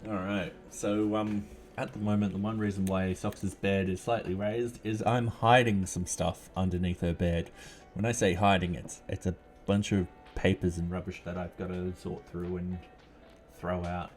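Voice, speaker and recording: Man, fairly low voice, relaxed live-coding chatter, faint music and typing behind. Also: moderate pace. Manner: relaxed, thinks aloud with many fillers. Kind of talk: casual live-stream chat while coding. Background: faint music and keyboard typing.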